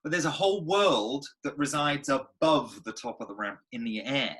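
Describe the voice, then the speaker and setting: A man, an actor and guest on the show, telling stories in a lively, expressive way. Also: medium pitch, normal speed. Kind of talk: animated conversational storytelling.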